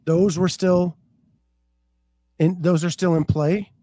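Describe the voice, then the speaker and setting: A man's voice: sits high, little pitch movement, slow, dark tone, no echo. A man co-hosting a casual podcast, chatting in a laid-back way and reading out viewer comments. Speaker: podcast co-host. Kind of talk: casual chat.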